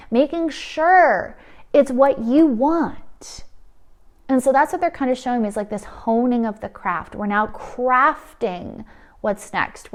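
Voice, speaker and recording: A woman giving a channeled energy forecast, gushing and emphatic, acting out listeners' excited inner thoughts. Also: on the high side. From Canada. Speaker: spiritual energy reader.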